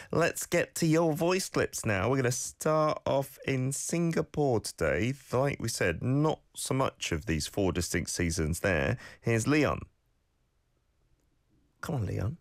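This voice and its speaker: A man's voice: medium pitch, lively intonation, takes it slowly, dry recording, studio quality. A British man hosting a radio show, casually explaining words and patiently repeating them for listeners to practice. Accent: British English. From United Kingdom. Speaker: radio host teaching Korean. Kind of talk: casual radio talk with language teaching.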